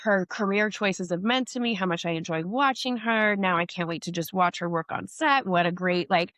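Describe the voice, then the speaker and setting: Woman telling career stories, low and dry. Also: moderate pace, no room sound. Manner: animated anecdotes with many "like" fillers and acted-out quotes. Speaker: actress and podcast host, interview guest. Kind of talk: candid career interview, storytelling.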